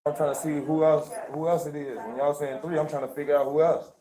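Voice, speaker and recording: A man's voice: on the high side, fairly even intonation, fast talker, rough recording. A man from Chicago recalling a shooting in a blunt, incredulous way, from a played clip. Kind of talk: casual recollection. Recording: clip with crowd noise behind.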